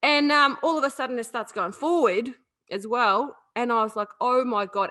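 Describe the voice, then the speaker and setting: A woman co-hosting a podcast, telling funny stories in a lively, laughing way and swearing freely. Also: on the high side, normal speed. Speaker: podcast co-host. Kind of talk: casual chat, storytelling.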